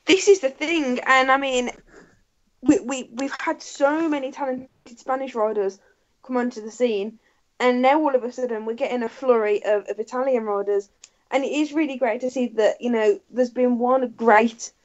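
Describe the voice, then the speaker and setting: A woman co-hosting a casual motorsport chat, bubbly and lively, laughing easily. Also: fairly high pitch, moderate pace, muffled recording. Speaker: podcast co-host.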